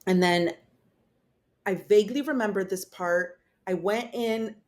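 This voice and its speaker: A woman's voice: medium pitch, a little slow, a little mellow. Candid woman telling a raw story. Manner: raw, profane, rambling. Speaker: podcast guest.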